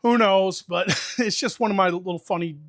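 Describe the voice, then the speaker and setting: A man's voice: high voice, moderate pace, a bit bright. A middle-aged man with a Southern US accent, casually telling stories on a podcast, laughing often and swearing freely. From American South. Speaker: podcast host. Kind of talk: casual chat.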